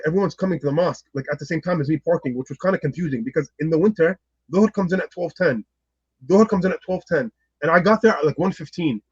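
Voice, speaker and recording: A man with a slightly high, husky voice rattles through a personal story at speed and acts out everyone in it. The sound is dry and a little muffled. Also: no echo. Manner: lively, acts out the people in his story. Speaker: guest.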